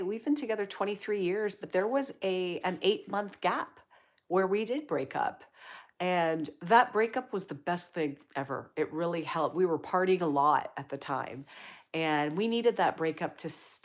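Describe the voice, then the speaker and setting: A middle-aged woman from Canada hosts a relaxed livestream. She chats upbeat and loose, with plenty of fillers, in a slightly low voice. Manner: chatty, upbeat, many fillers. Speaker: livestream host. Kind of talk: casual livestream chat reading comments.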